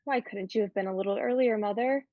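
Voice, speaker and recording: A woman's voice: medium pitch, quick pace, no room sound, lightly acted. A woman voicing a curious, playful fourteen-year-old girl in an amateur online play reading, teasing and pleading by turns. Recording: dull lo-fi sound.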